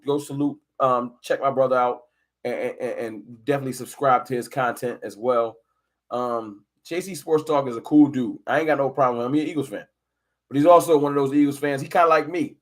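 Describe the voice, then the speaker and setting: A man hosting a casual fan live stream, talking football and arguing with chat viewers in an animated, combative way. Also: medium pitch. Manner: animated, argumentative, addresses chat viewers directly.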